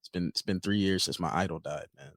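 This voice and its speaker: A man co-hosting a casual podcast, telling a story in an animated way with lots of repeated words. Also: low voice, quick pace, dry recording. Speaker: podcast co-host. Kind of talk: casual chat.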